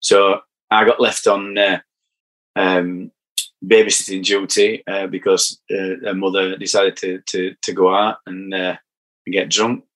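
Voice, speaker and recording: A middle-aged man with a northern English accent chats on a casual podcast, telling anecdotes with chuckles. His low voice is a bit bright but flat in delivery and a little slow, and the recording is rough.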